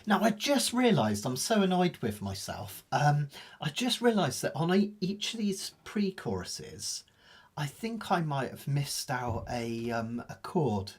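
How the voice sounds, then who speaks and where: A man teaching a live ukulele lesson, explaining fast in a chatty, self-deprecating way. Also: fairly high pitch, sing-song, slightly rough. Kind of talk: live online music lesson. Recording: ukulele playing behind the voice.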